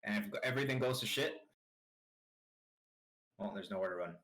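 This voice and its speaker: A man co-hosting a podcast, chatting casually and profanely in an animated, rambling way. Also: fairly low pitch, normal speed, rough recording. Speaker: podcast co-host.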